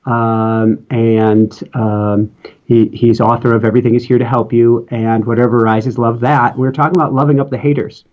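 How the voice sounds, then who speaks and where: A man's voice: medium pitch, flat delivery, normal speed. A man hosting a podcast, talking in a reflective, rambling casual way with some laughter. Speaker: podcast host and interviewer. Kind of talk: casual chat. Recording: dull lo-fi sound.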